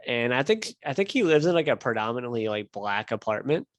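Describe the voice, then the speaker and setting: A man's voice: mid-range voice, sing-song, brisk, no room sound. A young man hosting a casual podcast, telling a long story in a rambling, profane way full of fillers. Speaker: podcast host. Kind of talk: casual chat.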